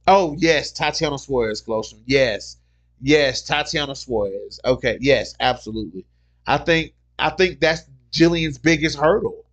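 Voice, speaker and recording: A man hosting a casual MMA livestream, reading viewer comments aloud and talking in an excitable, slangy way that loops back on the same point. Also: a little high. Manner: excitable, repeats himself, slangy.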